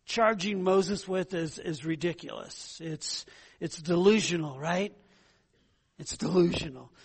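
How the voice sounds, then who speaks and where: High-voiced male pastor preaching. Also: slightly rough. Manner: conversational, rhetorical questions, frequent "right?". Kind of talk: sermon.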